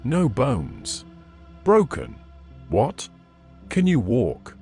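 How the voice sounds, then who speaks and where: A man voicing a genial, tall gentleman who talks in a brisk, friendly, reassuring way. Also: mid-range voice, huge pitch swings, soft background music, exaggerated voice.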